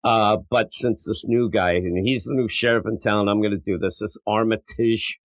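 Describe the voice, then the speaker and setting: A man's voice: lowish voice, normal speed, dry recording. A man hosting a casual comic book podcast, rambling and profane, and acting out characters' lines as he goes. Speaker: podcast host.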